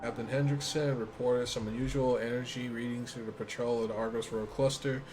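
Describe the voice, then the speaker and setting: A man's voice: mid-range voice, steady tone, fairly quick, noisy background. An American man giving casual commentary on his own gameplay, chatty and full of ums. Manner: chatty, many ums, laughs easily. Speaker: let's play gamer. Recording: game music playing behind.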